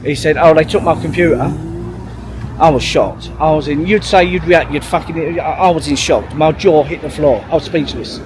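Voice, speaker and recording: A man's voice: on the high side, moderate pace, noisy background. A man, telling a long story in a rambling, sweary way, full of fillers and restarts. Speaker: vlogger. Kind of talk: casual storytelling monologue.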